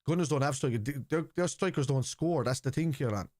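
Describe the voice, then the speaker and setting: A man with a fairly high, darkish-toned voice talks fairly quickly as host of a live football watchalong stream. He keeps up casual, blunt chat and commentary, packed with opinions, swearing and repeated points. The audio is studio quality with no room sound.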